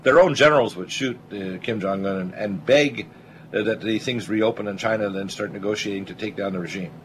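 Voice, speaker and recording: Blunt, excitable male talk-radio host. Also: lowish voice, fairly quick, slight background noise, low-quality recording. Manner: blunt, excitable, repeats words when starting. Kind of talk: political talk radio discussion.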